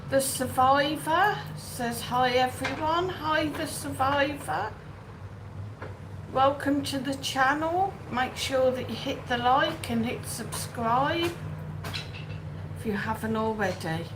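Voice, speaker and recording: A woman hosting a relaxed live stream and reading out viewers' comments. Her voice sits high and she takes her time, greeting people by name. A faint noise hums under the recording. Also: takes it slowly. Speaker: livestream host. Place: outdoors or home in Benidorm.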